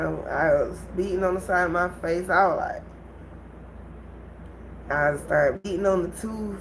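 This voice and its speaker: A woman hosting a casual livestream, telling a story to her viewers in an animated way and laughing often. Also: on the low side, unhurried, creaky, long pauses, slight background noise, rough recording. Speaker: livestream host.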